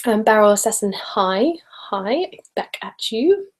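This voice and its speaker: A woman's voice: mid-range voice, big pitch swings, unhurried, rough recording. A young woman, an ASMR channel host, chatting casually in her normal voice on a live home stream, reading out viewer comments with lots of ums and likes and frequent giggles. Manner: normal speaking voice, not ASMR whisper. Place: home room with desks. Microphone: live webcam stream.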